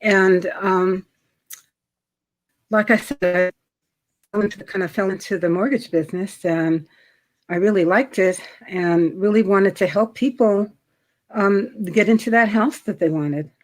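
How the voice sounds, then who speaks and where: A middle-aged woman from New York with a New York accent, a guest chatting casually about credit, often pausing with ums and clearing her throat. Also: mid-range voice. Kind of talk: casual interview chat.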